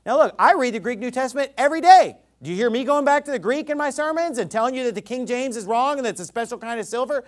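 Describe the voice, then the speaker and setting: A male pastor preaching a sermon, sarcastic and mocking, swinging from quiet explanation to shouting. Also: very high voice, animated, quick pace, hardly any pauses.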